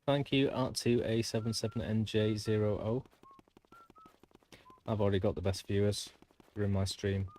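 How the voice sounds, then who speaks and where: A man with a low, deep voice talks through a game stream in a loose, rambling way. He chats straight to his viewers, drifting between topics and throwing in the odd mild swear word, with faint noise in the background. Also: flat delivery, normal speed, pauses often, a little mellow. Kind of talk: casual gameplay commentary.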